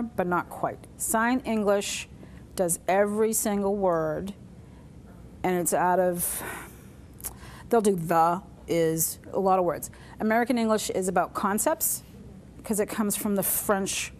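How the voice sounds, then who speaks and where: A woman's voice: medium pitch, a little mellow, a little hiss or hum. A woman teaching a sign language class, patiently talking through each sign as she shows it. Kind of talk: classroom instruction. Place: community center classroom.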